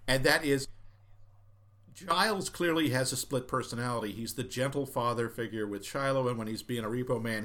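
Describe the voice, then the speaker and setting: A man's voice: medium pitch, normal speed, a bit bright. A man in casual chat, reviewing a film with sarcastic, dismissive remarks.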